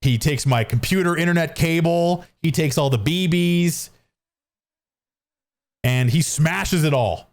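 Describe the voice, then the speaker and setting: A man's voice: on the high side, measured pace, long pauses. A man tells a story casually while he games at home. He is close on a studio microphone, rambles and restarts his sentences, and keeps poking fun at himself. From Canada. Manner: rambling, self-mocking, frequent restarts and fillers. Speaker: streamer. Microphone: studio dynamic microphone.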